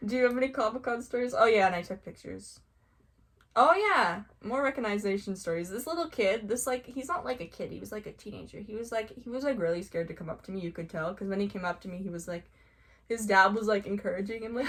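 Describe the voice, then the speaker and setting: A young woman telling stories casually, excitable and gushing, with squeals when she gets excited. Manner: excitable, quick swings into high squeals; gushing, heavy use of "like". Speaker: vlogger. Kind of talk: casual storytelling.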